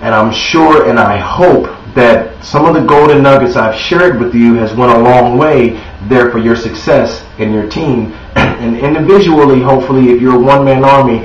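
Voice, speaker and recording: A man talks through a sales pitch as a coach and keeps clearing his throat between points. His voice sits in the middle of the range and sounds set back from the mic in a roomy space. The audio is dull and lo-fi, with a faint hiss under it. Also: moderate pace, far from the mic. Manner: clears throat often, frequent ums and restarts. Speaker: sales trainer. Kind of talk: sales training demo with mock phone call. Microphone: Bluetooth headset.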